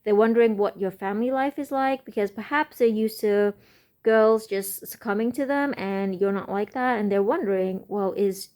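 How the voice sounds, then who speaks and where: A woman giving a slow, musing tarot reading, often pausing with fillers as she speaks. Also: mid-range voice, a little mellow. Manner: speaks slowly. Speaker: tarot reader.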